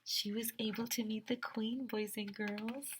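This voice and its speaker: Expressive teacher reading to children. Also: female voice, fairly high pitch, a little slow, noisy background. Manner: expressive, asks the class questions. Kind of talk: picture book read-aloud for children.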